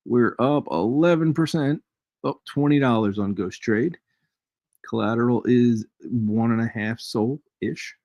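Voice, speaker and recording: A man's voice: mid-range voice, unhurried, a little mellow, no echo. A man hosting a casual live trading stream, chatty and jokey, chuckling as he reads charts aloud. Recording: dry, dull lo-fi stream audio.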